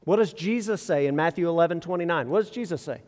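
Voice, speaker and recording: Higher-voiced preacher echoing through a hall. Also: male voice, a little mellow. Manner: conversational preaching with rhetorical questions and quick restarts. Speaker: pastor. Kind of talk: sermon. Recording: long reverb in a large hall.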